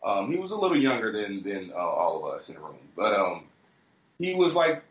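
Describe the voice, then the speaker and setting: A man co-hosting a podcast, telling a story in casual chat with lively, acted-out quotes. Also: lowish voice, a little fast, echoey room, dull audio. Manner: animated storyteller, shouting out quoted lines. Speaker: podcast co-host.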